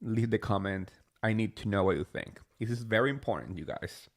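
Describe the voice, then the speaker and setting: A man's voice: fairly low pitch, fairly quick. A man hosting a casual reality TV gossip recap, chatty and gushing, talking straight to his viewers. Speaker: podcast host.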